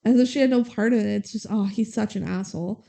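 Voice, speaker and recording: Young woman podcast co-host, lively recap, mellow tone, quotes characters as she goes. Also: mid-range voice, quick pace, creaky. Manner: animated retelling, acts out lines. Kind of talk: casual movie recap chat.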